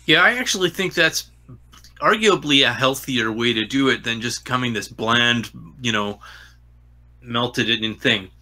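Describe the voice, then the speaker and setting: Bright-voiced thoughtful man. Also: mid-range voice, a little slow. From Canada. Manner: thoughtful, qualifying his points. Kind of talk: casual podcast chat.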